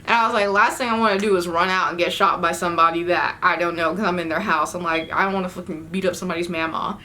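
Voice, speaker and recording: A young woman recounts a wild night in a casual storytime vlog, talking loose and slangy and breaking into sudden cursing outbursts. Her voice is bright and forward. A faint background hum sits under her. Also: on the low side, steady tone, fast. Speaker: vlogger.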